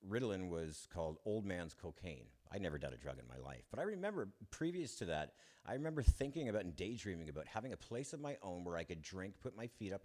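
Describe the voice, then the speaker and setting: A man's voice: low-pitched, darkish tone. A man giving a candid, self-deprecating personal testimony, chuckling often and restarting his sentences. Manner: halting restarts. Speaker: speaker sharing his recovery story.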